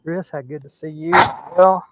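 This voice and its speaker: A man's voice: on the high side, fairly even intonation, normal speed, a little mellow, slight background noise. A man hosting a woodturning livestream, chatting casually and thinking aloud as he works in his workshop. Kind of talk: casual livestream chat while turning. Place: home workshop at a lathe. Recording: dull, dry, lo-fi sound.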